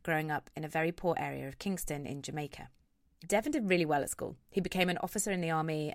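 A woman presenter reading a scripted introduction and interviewing a guest in a measured way. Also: low-pitched, no echo, clean studio sound. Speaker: radio presenter.

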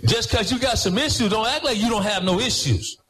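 A pastor preaching a sermon in church, rhythmic, swinging between half-sung phrases and shouted lines. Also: male voice, high-pitched, brisk, low-quality recording.

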